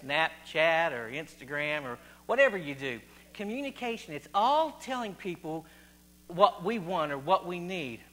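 A man from Virginia, also given as West Virginia, delivers a chatty informal sermon, repeatedly quizzing his congregation and repeating phrases. His slightly high voice is very animated yet a little slow, pushed and bright.

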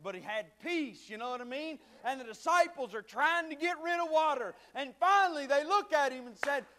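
High-pitched man preaching a fervent sermon. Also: lively intonation, fairly quick. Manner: impassioned, swinging between shouts and hushed near-whispers; conversational, addresses listeners as friend.

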